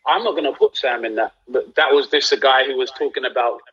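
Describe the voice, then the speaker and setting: A man's voice: medium pitch, brisk, breathy edge, lo-fi sound. A young man from London with a London accent, telling stories as the guest in a casual live-streamed interview. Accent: London English. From England. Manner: relaxed storytelling, animated when recounting anecdotes. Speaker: actor guest.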